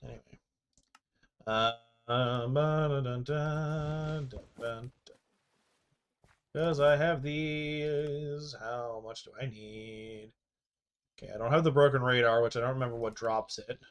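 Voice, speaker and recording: A young man talks through a game on stream in a loose, rambling way. He swears casually and laughs at his own mishaps. He drifts between muttered asides and quick bursts of excitement. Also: mid-range voice. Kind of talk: casual gameplay commentary.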